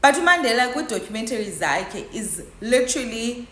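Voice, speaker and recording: A South African vlogger from the Eastern Cape speaks at normal speed in a fairly high, pushed, bright voice with big pitch swings. Emotional and casual, she blends English with isiXhosa, her words echoing in a roomy space.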